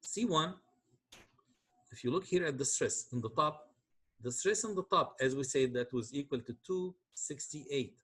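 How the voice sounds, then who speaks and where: Man, engineering lecturer, husky voice, step-by-step explanation, frequent check-ins with students. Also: mid-range voice, lively intonation, normal speed, a bit bright. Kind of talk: university lecture.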